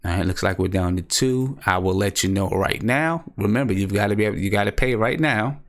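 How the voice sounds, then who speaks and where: A young man with a somewhat low voice hosts a live stream. He talks in a loose, excited way, circling back to the same points and reading out viewer comments as he goes. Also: brisk. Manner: excitable, repeats himself, reads chat aloud. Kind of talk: casual live stream chat.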